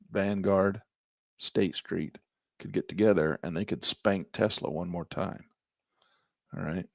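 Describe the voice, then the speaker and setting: A man teaching trading as he walks through a chart, in a folksy, animated way with slangy asides. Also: low voice, gravelly, no echo, studio quality. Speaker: trading instructor. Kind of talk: chart-walkthrough lesson.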